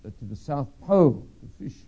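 Male preacher, sermon delivery, very dark mellow voice, pausing storyteller. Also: a little high, sing-song, vocal fry, breathy edge, lo-fi sound. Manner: storytelling, pausing, with hesitant fillers.

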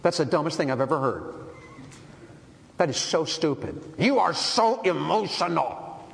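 A man's voice: a little high, lively intonation, unhurried, vocal fry, voice pushed up. A man acting out a harsh husband who belittles his wife in contempt. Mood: scornful. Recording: echoey hall with faint background noise.

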